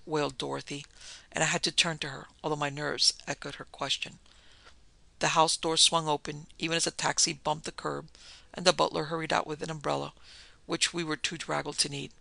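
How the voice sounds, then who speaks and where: A man reading a novel aloud as a steady, measured audiobook narrator. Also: fairly high pitch, creaky, dry recording, poor audio. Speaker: audiobook reader. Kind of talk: scripted narration.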